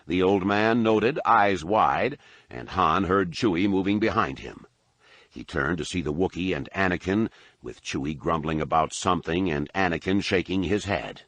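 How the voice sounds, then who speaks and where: A man's voice: sits low, lively intonation, normal speed, fairly bright tone, no room sound. A man narrating a novel audiobook expressively and doing voices for each character.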